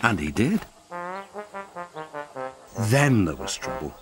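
A man reads a children's railway story with a lively, animated delivery. Clear music plays underneath his narration. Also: mid-range voice, unhurried.

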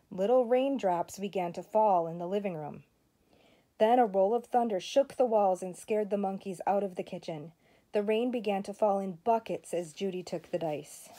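An older woman, a grandmother, reading a children's story aloud in a steady, expressive way. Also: medium pitch.

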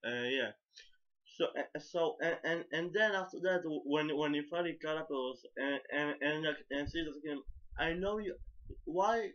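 Halting man recapping an anime episode. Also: fairly high pitch, fairly bright tone. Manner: halting, with many repeats and stumbles; casual and profane. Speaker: anime reviewer. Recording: dull lo-fi recording.

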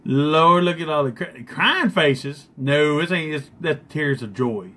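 A man's voice: a little high, expressive, a little slow, bright, forceful tone. A man doing a joking live-stream makeup session, teasing and boastful.

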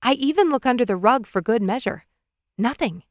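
A woman reads a children's story aloud with expressive first-person storytelling. Her voice sits slightly high. The recording is close and dry, with no room sound. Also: a little fast, no room sound. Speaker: audiobook narrator. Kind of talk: children's audiobook narration.

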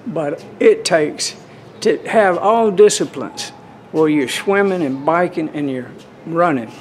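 A man's voice: on the high side, takes it slowly, a little hiss or hum. A man, chatting casually to camera in a folksy, rambling way at a swimming pool. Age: 60s. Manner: rambling, folksy, restarts often. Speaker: vlogger.

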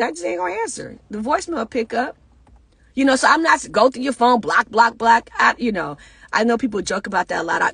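Husky woman preaching casually. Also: on the high side, bright, forceful tone, no echo. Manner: conversational, preacherly, talks back to listeners. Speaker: pastor and speaker. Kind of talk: casual motivational talk.

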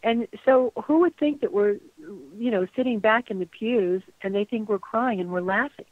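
A woman's voice: medium pitch, normal speed, no room sound. An older woman, a guest on a radio interview, remembering aloud in a reflective way, repeating phrases and trailing off. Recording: dry tinny phone line.

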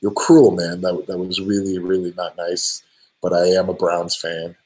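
A band singer answering fan questions on a live stream, friendly and relaxed, with many ums and restarts. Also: male voice, low voice, moderate pace, low-quality recording. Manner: friendly, thanks each fan by name.

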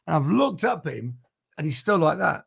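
A British racing driver telling lively stories in a podcast interview. His voice is gravelly and a little husky, pitched fairly high for a man. It swings widely up and down as he tells the stories. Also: normal speed. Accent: British English. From Britain. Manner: animated anecdotes, swears casually.

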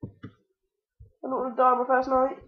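A woman's voice: high-pitched, fairly quick, lo-fi sound. A woman hosting a let's-play gaming commentary, talking to the game and yelping whenever she is in danger. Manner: excitable, talks to the game, yelps when in danger. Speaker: gaming channel host.

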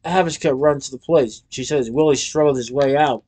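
A man narrating a children's storybook aloud in a lively, expressive way. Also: mid-range voice, fairly quick, hardly any pauses. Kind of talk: storybook reading.

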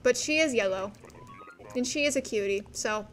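A woman's voice: fairly high pitch, moderate pace, soft background music. A woman streaming a game, chatting casually with her viewers in a bubbly, giggly way. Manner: bubbly, giggly, talks to chat. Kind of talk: casual gameplay livestream chat.

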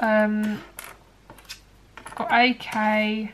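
A woman's voice: on the high side, fairly even intonation, moderate pace, a little hiss or hum. Chatty young woman giving a tarot reading. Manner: chatty, rambling, many likes and ums. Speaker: tarot card reader. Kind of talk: casual tarot reading to camera.

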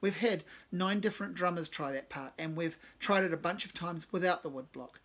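A man voicing a female backing singer who speaks softly and coolly. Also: sits high, a little fast. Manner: soft, quiet, not very sweet. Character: soft-spoken, cool female backing singer.

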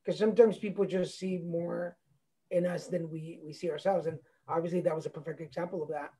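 A man's voice: on the high side, fairly even intonation, fairly quick, mellow, breathy edge, rough recording. A man hosting a podcast in a casual interview, reflective and encouraging as he searches for his words. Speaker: podcast host.

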